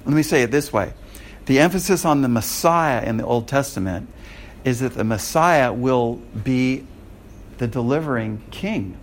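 A man's voice: mid-range voice, animated, normal speed, slight background noise. An American man lecturing a Bible class in a conversational way, often checking that his students follow. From United States. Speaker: Bible teacher.

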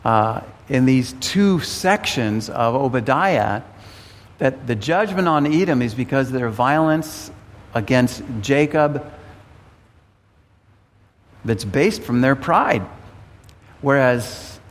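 Male pastor, earnest sermon delivery, mid pitch, long church-hall reverb. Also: lively intonation, slow pace, pauses often. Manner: earnest, repeats words while thinking.

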